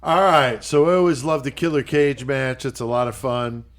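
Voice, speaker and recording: A male podcast host chats casually and reacts with enthusiasm. His voice sits at an ordinary middle pitch. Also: fairly even intonation, moderate pace.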